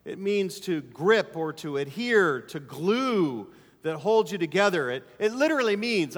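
High-voiced man preaching in a reverberant hall. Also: big pitch swings, unhurried. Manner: emphatic preaching, repeats key phrases, drops to soft asides. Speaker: pastor. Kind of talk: sermon.

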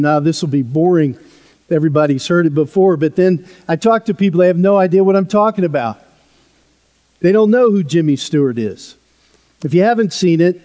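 A male pastor preaching a sermon in a church, telling a story in a conversational way that drops softly at times. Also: a little high. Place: church sanctuary. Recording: long hall reverb.

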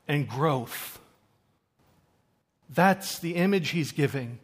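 A man preaching a sermon, swinging from loud, emphatic scripture reading to quiet, conversational asides to the congregation. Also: a little high, slow pace, long pauses. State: choked up with emotion.

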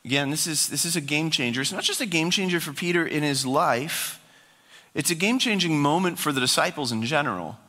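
A man's voice: a little high, fairly quick, bright, forceful tone, big-room sound. A man preaching a sermon as pastor, speaking in a conversational, emphatic way.

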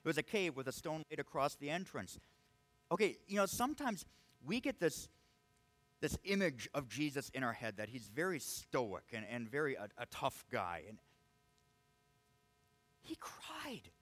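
A man's voice: medium pitch, animated, moderate pace, a bit bright. A man preaching a sermon, earnest and emphatic, often restarting his words as he presses a point. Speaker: pastor.

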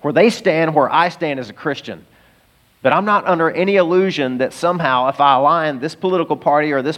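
A middle-aged man preaches to his congregation in a relaxed, conversational way, tossing in asides and quick jokes. His voice sits a little higher than most men's. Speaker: pastor. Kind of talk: sermon.

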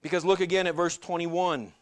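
A middle-aged male pastor giving a sermon in a conversational way, asking the congregation questions and slowing down to stress key lines. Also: sits high, fairly even intonation. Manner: conversational preaching with rhetorical questions and slowed emphatic lines.

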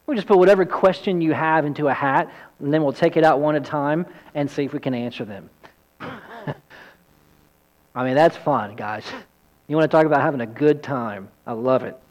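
A man pastor preaching an earnest, emphatic sermon, at times quick and at times slow. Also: fairly high pitch. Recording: long hall reverb.

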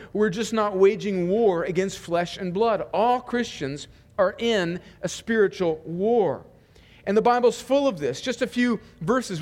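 A man speaking as a pastor in a church, praying and then preaching a sermon in an earnest way, often restarting his words. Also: high voice. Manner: earnest, with frequent small restarts. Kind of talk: sermon with opening prayer. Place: church sanctuary.

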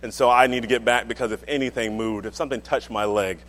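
A male pastor telling a humorous personal story in a sermon, animated and often laughing as he talks. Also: medium pitch, quick pace, in a large hall.

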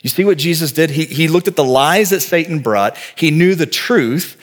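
A man's voice: fairly high pitch, animated, moderate pace. A man in his forties, a pastor giving a sermon in a conversational, earnest way, telling vivid stories and speaking plainly to the congregation.

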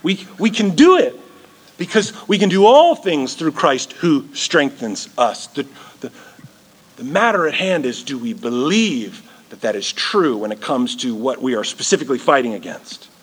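A man's voice: mid-range voice, big pitch swings, moderate pace, husky. A male pastor preaching a sermon in a church, earnest and repeating words as he builds his points.

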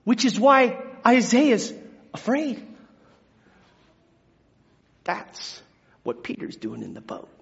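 High-voiced man preaching in a reverberant hall. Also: slow pace, gravelly, pauses often. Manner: animated, acts out biblical quotes with big swings from hushed to shouting. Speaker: pastor. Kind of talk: sermon. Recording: dull sound with long hall reverb.

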